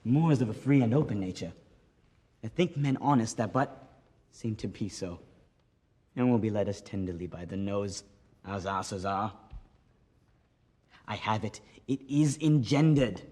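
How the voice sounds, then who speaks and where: An acting student playing Iago, a scheming villain, in a Shakespeare monologue that swings between hushed plotting and loud outbursts. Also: male voice, on the low side, a little slow, long pauses, natural voice.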